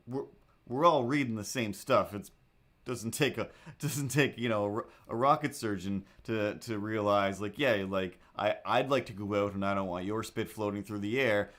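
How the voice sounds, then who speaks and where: A man hosting a livestream who tells a story casually and animatedly, acting out his own thoughts and other people in a higher voice. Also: fairly bright tone. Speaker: livestream host. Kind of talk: casual storytelling while drawing.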